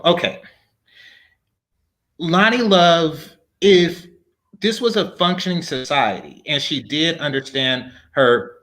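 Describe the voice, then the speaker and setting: A man on a podcast as the guest, lecturing in a measured way with halting restarts. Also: a little high, fairly bright tone. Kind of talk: casual podcast debate.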